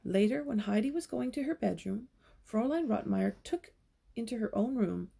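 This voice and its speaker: A young woman reads a children's novel aloud, stopping now and then for casual asides. Her voice is strongly gravelly and a bit husky, with a dark, mellow tone. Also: a little high, animated, moderate pace. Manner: casual asides between passages. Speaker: storyteller.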